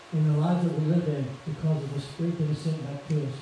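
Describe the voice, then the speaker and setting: Fervent preacher in an echoing church. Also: male voice, fairly high pitch, fairly even intonation, fast, few pauses, a little hiss or hum. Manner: fervent, rising to shouted praise. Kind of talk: sermon. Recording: echoey church from far off.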